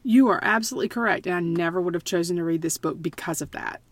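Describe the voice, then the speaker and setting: A woman's voice: lowish voice, fast, no room sound. A woman talking bluntly and emphatically in a casual book chat, often repeating herself to make a point.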